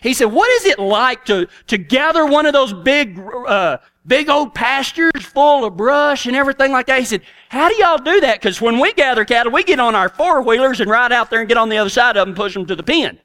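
A man's voice: extremely high pitch, animated, fairly quick, few pauses, pushed and bright. A middle-aged man with a Texan accent, telling a folksy story as a cowboy preacher in a sermon. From Texas.

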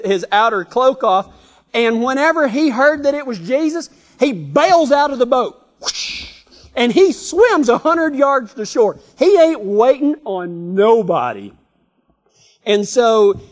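Brief: male preacher, high voice, folksy storyteller, long reverb. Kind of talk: sermon.

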